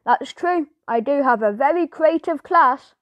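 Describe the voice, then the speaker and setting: A woman playing an upbeat male schoolteacher with a high, bright voice, coaxing his class along in a teacherly way. The reading is dry and close. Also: animated, a little slow, no echo, highs cut off. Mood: cheerful.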